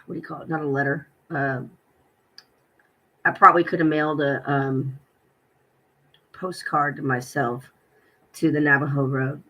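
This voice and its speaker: A woman's voice: low-pitched, fairly even intonation, moderate pace, long pauses, a bit bright, rough recording. A middle-aged woman vlogger telling a personal story in a rambling, indignant way, with many ums and restarts.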